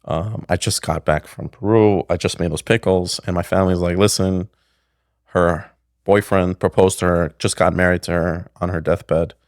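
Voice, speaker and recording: Deep gravelly man telling a rambling story. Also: steady tone, normal speed, no room sound, clean studio sound. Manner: rambling, with many restarts and "like". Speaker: podcast guest, pickle maker. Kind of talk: casual storytelling.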